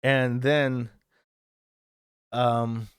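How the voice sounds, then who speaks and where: A male commentary host mocks his subject in a crude, sarcastic, profane way. His voice is smooth and resonant, at a middling pitch. It is recorded close, with no room sound. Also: little pitch movement, extremely slow, no room sound. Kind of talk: mocking commentary on clips.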